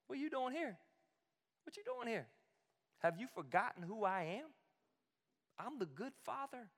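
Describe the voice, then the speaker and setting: A preacher voicing God as a loving, persistent father who keeps asking the same question in a high, insistent voice. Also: very animated, normal speed, big-room sound, heavily acted. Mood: pleading.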